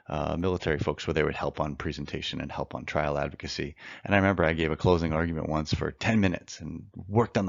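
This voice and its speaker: A man with a very low, gravelly voice teaches mock trial in a recorded lecture. He is earnest and emphatic, repeating phrases for effect and pacing himself deliberately. The sound is dry and a little dull. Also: no echo. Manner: works to slow down a fast natural pace.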